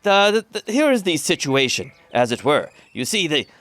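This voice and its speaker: A well-spoken female orc tribal herder, voiced by a man, formal and a little long-winded, pausing often as she searches for words. The pitch rises and falls with lively movement. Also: dry recording. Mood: polite, rambling. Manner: formal, rambling, hesitant with frequent "uh" pauses.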